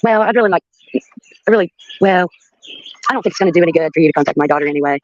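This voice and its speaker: A woman's voice: on the low side, racing, no room sound, dull audio. An older woman telling a story on her livestream in a blunt, profane way, with laughs between her sentences. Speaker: livestream host. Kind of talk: casual storytelling.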